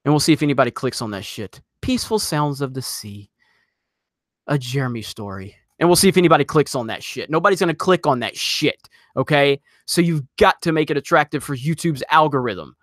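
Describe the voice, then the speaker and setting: A man hosting a live stream, ranting loudly in exasperation and reading viewer messages. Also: fairly high pitch, expressive, no echo, studio quality. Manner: exasperated, loud, rapid rants.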